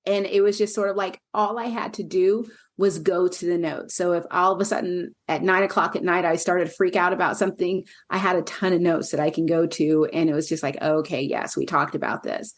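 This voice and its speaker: Podcast host lady, lowish voice, thinks things through out loud. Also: creaky. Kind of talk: casual podcast conversation.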